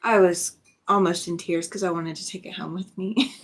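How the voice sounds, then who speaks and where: A woman's voice: on the low side, fairly even intonation, normal speed. Chatty woman. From Alabama. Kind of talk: casual group chat.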